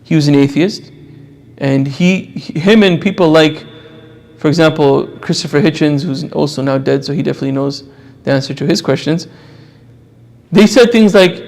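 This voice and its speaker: A young man giving a religious lecture to an audience, preaching emphatically with sudden quiet asides and shifting pace. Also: fairly high pitch, normal speed, gravelly. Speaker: Islamic lecturer.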